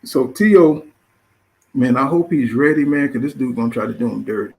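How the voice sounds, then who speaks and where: Profane, rambling middle-aged boxing host. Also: male voice, medium pitch, lively intonation, brisk, gravelly, darkish tone, a little hiss or hum, low-quality recording. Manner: profane, filler-heavy, says "you know what I'm saying" constantly. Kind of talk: casual boxing talk.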